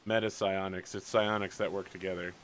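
A man's voice: low voice, level tone, brisk. A man running a tabletop game as game master, chatting casually and animatedly and reading rules aloud on a voice call.

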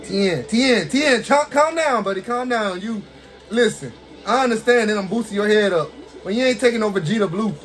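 This male gaming streamer offers loose, excitable commentary on a fighting game he's playing, chatting at the on-screen fighters and laughing frequently. His voice is high-pitched and his delivery brisk.

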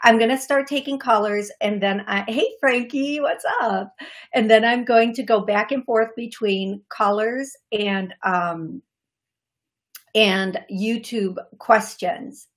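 A woman's voice: mid-range voice, steady tone, takes it slowly. A woman hosting a live call-in show as a psychic medium, chatting casually and greeting viewers by name in short bursts full of fillers and restarts.

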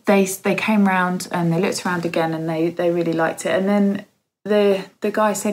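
A woman in her thirties giving a heartfelt spoken testimony in a church service, halting with many pauses and fillers. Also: fairly low pitch, fairly even intonation, darkish tone, poor audio.

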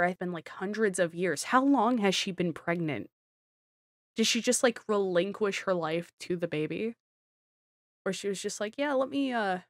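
A woman rambles through casual gameplay commentary, gushing and giggling at herself. Her voice is mid-pitched and close on a desk mic with a dry sound. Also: no echo. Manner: excitable, rambling, giggly, self-deprecating. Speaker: gaming streamer.

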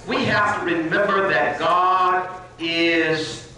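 High-voiced preacher in an echoey hall. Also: male voice, fairly even intonation, takes it slowly, bright, forceful tone. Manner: call-and-response preaching. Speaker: minister. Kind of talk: church address. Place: church hall. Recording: echoey church hall from far off.

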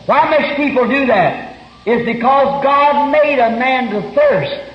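A man preaching a fervent sermon, telling stories earnestly and breaking into shouts now and then. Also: very high voice, normal speed, slight background noise. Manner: earnest storytelling, bursts of shouting. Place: church meeting hall. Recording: roomy lo-fi 1961 sermon tape.

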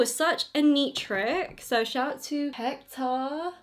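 A woman's voice: high voice, takes it slowly, hardly any pauses. A young woman talking through her makeup routine in a chatty vlog, stressing points by repeating herself. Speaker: beauty vlogger.

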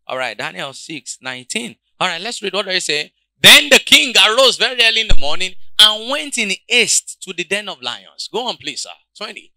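A man preaching a sermon, calling out questions to the congregation and swinging between quiet, low passages and loud shouts. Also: lively intonation, a little fast, no echo. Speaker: pastor.

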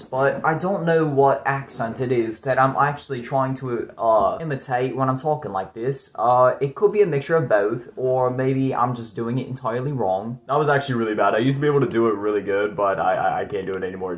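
A man's voice: mid-range voice, echoey room. A young man chatting casually on his own, answering questions in a rambling, laid-back way. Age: young adult. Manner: rambling, laid-back, says dude and like a lot. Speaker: YouTuber. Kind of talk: casual solo commentary.

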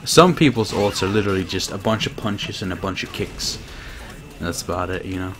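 A man streaming himself playing a fighting game, chatting casually, swearing and laughing, with bursts of excited shouting. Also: low-pitched, brisk, faint music behind. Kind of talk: casual gameplay commentary.

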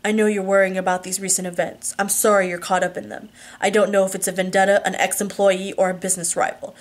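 An intense, controlling young husband who speaks in a low, soft murmur, as a woman reads his lines in an audiobook. His voice sits at an ordinary pitch, and he talks quietly and earnestly. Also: little pitch movement, quick pace, close to an everyday voice. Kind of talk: audiobook reading.

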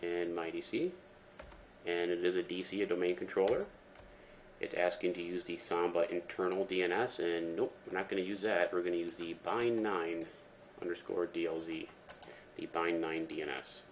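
At normal speed and an easy pace, a man with a very low voice explains a screen-recorded tech tutorial one step at a time. He's relaxed and uses lots of ums and uhs, with faint noise and typing audible behind him.

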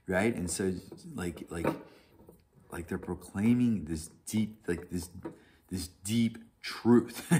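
Guy with a low voice teaching bible study, chatty, keeps restarting, says right a lot. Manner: animated, many restarts and "right?", chuckles often. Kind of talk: casual Bible study talk with scripture reading.

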